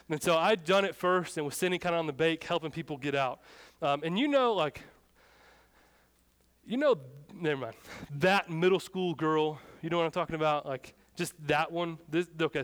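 A young adult male pastor preaches a sermon in a casual, storytelling way, acting out the shouted lines of people in his story. His voice is on the high side and clean.

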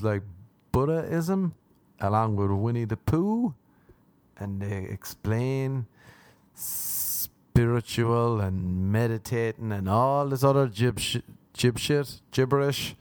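A man's voice: darkish tone, smooth, no room sound. An Irish man hosting a podcast alone, rambling through a comedic monologue full of swearing and self-mockery. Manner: rambling, profane, self-mocking, with sudden jumps in pitch. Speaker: podcast host. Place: Los Angeles.

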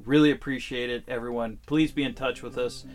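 A man's voice: medium pitch, fairly even intonation, fairly quick, faint music behind. A man co-hosting a podcast, chatting and recounting stories in a casual way. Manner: chatty, storytelling. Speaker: podcast co-host.

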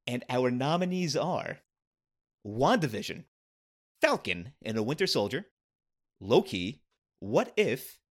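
A man's voice: mid-range voice, big pitch swings, slow, pauses often. A man doing a put-on awards announcer voice, formal and drawn out. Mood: grandiose.

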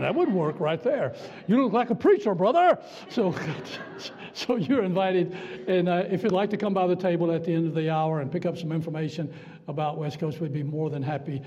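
A Virginia man in his seventies, serving as guest preacher, delivers a folksy, emphatic sermon full of jokes in a church sanctuary. His voice is a little high and warm, and the recording sounds dull with long church reverb.

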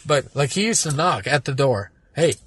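A man's voice: medium pitch, expressive, moderate pace, a bit bright, husky. A man originally from Germany, talking casually as a podcast guest, rambling and swearing through a personal story.

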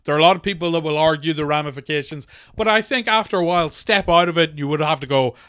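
Jokey guy on a podcast, high lively voice, bright and dry sound. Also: smooth, dry recording. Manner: jokey, does quick mocking impressions, laughs often. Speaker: podcast co-host. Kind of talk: casual comedic chat.

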